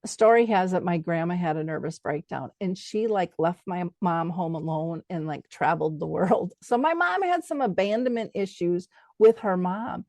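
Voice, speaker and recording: A woman's voice: fairly low pitch, normal speed, few pauses, darkish tone, dry recording. A middle-aged woman hosting a podcast, affirming her guest and telling a family story in an earnest way. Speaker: podcast host. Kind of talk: conversational interview with anecdotes.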